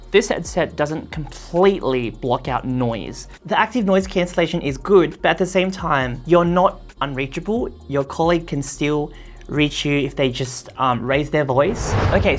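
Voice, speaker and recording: A woman reviewing a headset in a casual, chatty way, with loose phrasing and frequent fillers. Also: low voice. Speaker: tech product reviewer.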